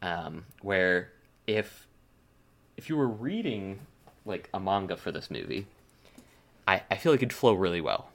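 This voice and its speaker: Deep-voiced man rambling in casual chat. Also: unhurried, gravelly, pauses often. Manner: rambling, full of "like" and restarts, animated. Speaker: podcast co-host. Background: desk smacking.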